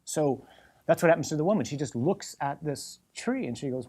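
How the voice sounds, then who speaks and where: A man, a priest, preaching a sermon in an emphatic, animated way with many repetitions. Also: on the high side, moderate pace, husky.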